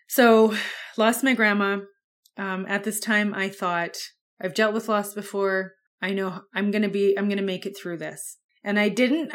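A young woman hosting a podcast, telling a personal story in a candid, conversational way, with fillers and the odd curse. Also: medium pitch. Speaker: podcast host.

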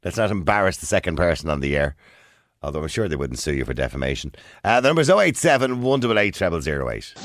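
A man's voice: deep voice, fast, no room sound, clean studio sound. A man in his forties with an Irish accent, hosting a radio phone-in in casual, joking chat and laughing often. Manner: jokey, laughs often, lively. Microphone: studio microphone.

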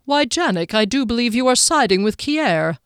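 A woman's voice: fairly high pitch, lively intonation, moderate pace, smooth, no room sound, studio quality, pitched above the performer's own voice, lightly acted. A woman narrator voicing a teasing, urbane male mage with genteel manners in a storybook reading.

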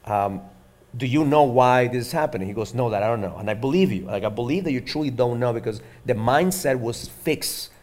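Middle-aged dad talking fast, earnest, lots of fillers, casual chat. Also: male voice, medium pitch, expressive, a little mellow. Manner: earnest, rambling with many fillers. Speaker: father and podcast host. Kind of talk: casual conversation.

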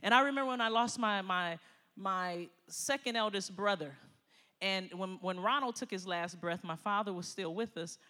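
A middle-aged woman preaching a sermon, moving between quiet personal stories and loud exhortation. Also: mid-range voice, normal speed. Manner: animated, swings from quiet storytelling to loud exhortation, laughs often. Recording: long hall reverb.

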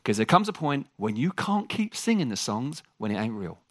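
A man preaching a sermon to a congregation. He jokes with the room and talks in an animated way. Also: medium pitch, moderate pace, dry recording.

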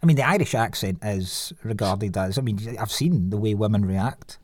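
A Scottish man hosting a podcast in casual chat, animated, swearing freely and laughing often. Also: fairly low pitch, normal speed, dry recording, studio quality.

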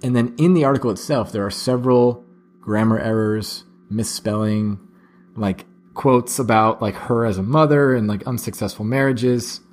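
A man's voice: medium pitch, moderate pace. A man hosting a casual podcast chat, rambling and restarting as he explains a news story to his co-hosts. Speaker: podcast host.

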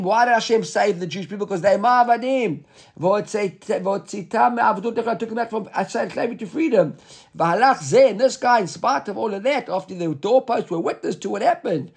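A man with a high, husky voice teaches a Talmud class. He reads out the Hebrew and Aramaic phrases and then explains each one in plain English. Rhetorical questions keep the lesson moving. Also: brisk. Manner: rhetorical questions, repeated "right?".

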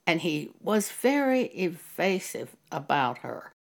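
Slow, gravelly-voiced woman preaching. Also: lowish voice, big pitch swings. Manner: measured and earnest, quoting scripture. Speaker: Christian teacher giving a testimony. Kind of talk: slow spoken testimony with scripture.

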